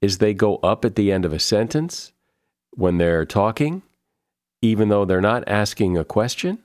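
Low-voiced man hosting an interview. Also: lively intonation, moderate pace, a little mellow, no echo, clean studio sound. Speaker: podcast host. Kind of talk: interview conversation.

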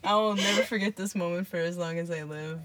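A woman's voice: lowish voice, fast, background noise. A young woman hosting a casual podcast, telling stories and teasing her guest with giggles. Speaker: podcast host.

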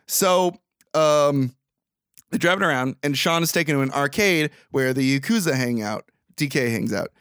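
A young man recapping a movie in casual podcast chat, animated, profane and mock-exasperated. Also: on the high side, moderate pace, clear, resonant tone, dry recording, clean studio sound. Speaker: podcast co-host.

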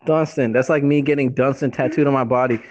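A man co-hosting a podcast, telling a story in a rambling, halting way with many fillers. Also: medium pitch, fairly even intonation, a crowd in the background. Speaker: podcast co-host. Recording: dull dry lo-fi sound.

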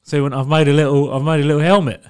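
A man's voice: on the high side, flat delivery, racing, smooth. A man co-hosting a podcast, telling a rambling, sweary story and laughing through it. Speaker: podcast co-host. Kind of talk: casual storytelling chat.

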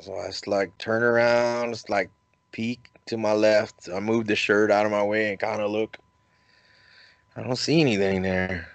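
A man hosting a podcast, telling a story in a casual, animated way. He laughs at his own jokes and his voice jumps up high when he quotes himself. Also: normal speed, creaky, no room sound. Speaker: podcast host.

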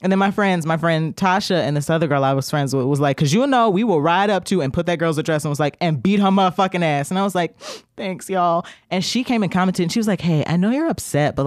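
A young woman, a podcast guest, telling a long story in casual chat, animated and profane, acting out the people she quotes. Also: low voice, no room sound, studio quality.

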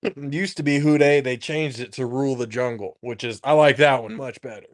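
A man's voice: mid-range voice, brisk. A man co-hosting a podcast, chatting casually about football in an emphatic, profane way and laughing often. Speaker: podcast co-host. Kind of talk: casual sports chat.

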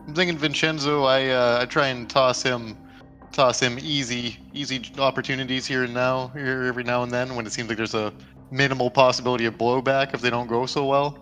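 A man playing a tabletop game, describing his character's moves in a relaxed, laid-back way. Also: mid-range voice, brisk, soft background music. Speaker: player. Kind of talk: casual game chat.

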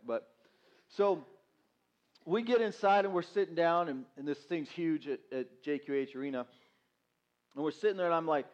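A man's voice: high voice, fairly quick, highs cut off. A man preaching as youth pastor, telling a self-mocking story with acted-out quotes. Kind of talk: storytelling sermon. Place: church sanctuary.

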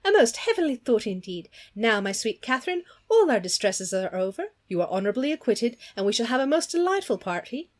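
A cold, resentful young lady from a storybook, as a woman reader puts her on. She speaks low and clipped, with a cool, manipulative edge. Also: sing-song, fairly quick, hardly any pauses. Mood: gushing.

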